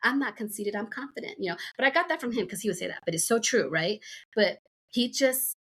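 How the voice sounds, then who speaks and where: A woman's voice: mid-range voice, sing-song, fairly quick, a bit bright, slightly rough. A middle-aged woman from the United States, a podcast guest, chatting casually and telling a rambling story full of fillers and asides. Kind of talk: casual chat.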